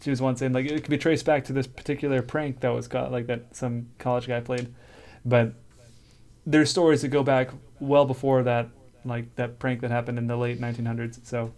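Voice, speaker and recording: A man's voice: medium pitch, level tone, brisk, a little mellow. A man co-hosting a casual podcast, reading out notes and joking with his co-host, laughing often. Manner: laughs often, reads source notes aloud between jokes. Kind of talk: casual chat.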